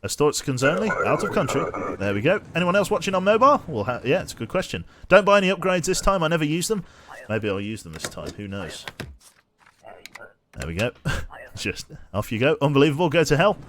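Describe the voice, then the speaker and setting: A man's voice: fairly high pitch, sing-song, brisk, noisy background. A young man chatting casually to his stream chat while playing, rambling and joking, on a desk mic. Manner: rambling, jokey, talks to chat. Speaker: game streamer. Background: game music.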